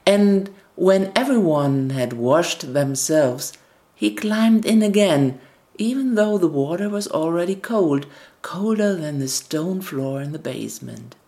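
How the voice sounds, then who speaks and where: A woman narrating a fairy tale in a gentle storybook reading, with scripted narration. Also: on the low side, expressive, slow. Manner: gentle storybook reading with quoted family dialogue.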